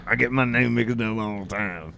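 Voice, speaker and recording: A man's voice: lowish voice, moderate pace, gravelly, sharp tone. A man in comedic role-play, blunt and easily flustered.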